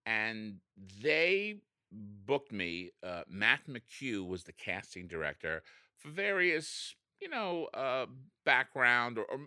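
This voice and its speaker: A man, an actor, telling a story in a casual interview, jumping up in pitch as he acts out what people said. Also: slow, clear, resonant tone, dry recording, studio quality. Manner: animated, acts out quotes with big pitch jumps.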